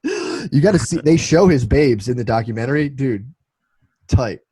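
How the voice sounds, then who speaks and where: A man's voice: mid-range voice, animated, moderate pace, mellow, husky, no echo, poor audio. A young man co-hosting a podcast, rambling through profane stories with constant restarts. His voice sits in a middling register. The sound is dry and close to the mic. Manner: loose, profane storytelling with many restarts. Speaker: podcast co-host. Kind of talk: casual podcast banter.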